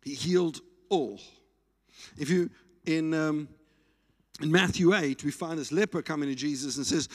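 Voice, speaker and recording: A man with a South African accent preaching a sermon in a church, animated and playful. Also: a little high, moderate pace, pauses often. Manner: animated, playful preaching with food talk and shouts. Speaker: pastor. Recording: reverberant church hall.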